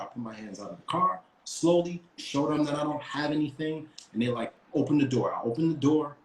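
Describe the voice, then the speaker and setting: A man's voice: on the high side, fairly quick, few pauses, slight background noise. A man co-hosting a podcast, telling a story in a casual, emphatic, profane way with lots of restarts. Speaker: podcast co-host. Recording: roomy echo.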